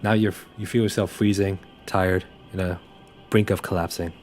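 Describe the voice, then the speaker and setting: A man's voice: low-pitched, steady tone, moderate pace, a little mellow, soft background music. A young man running a tabletop game as game master, narrating loosely with many fillers and restarts.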